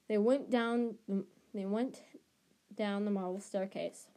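A woman's voice: medium pitch, steady tone, takes it slowly, warm tone. A woman reading a novel aloud chapter by chapter, often stumbling and correcting herself mid-phrase. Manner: restarts and self-corrections. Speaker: storybook reader.

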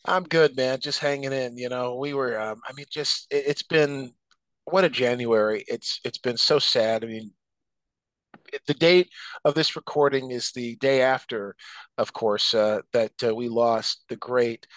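A man co-hosts a rock music podcast in loose, earnest conversation, often pausing on fillers. His voice sits in an average range. The recording is dry and close. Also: medium pitch, fairly bright tone, no echo. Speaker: podcast co-host. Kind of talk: casual podcast chat.

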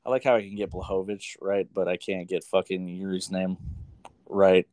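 A fairly low-voiced American man rattles off fight cards and game scores in loose, profane sports-show chat. He stumbles over names and laughs them off. The sound is dry and close, with no room around it. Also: little pitch movement, moderate pace, darkish tone, dry recording. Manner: casual, swears often, stumbles over names. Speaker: sports podcast co-host.

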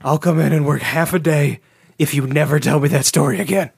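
A man's voice: a little high, brisk, vocal fry, a little mellow, slightly rough. A man voicing a young female teaching assistant who is breezy and unbothered.

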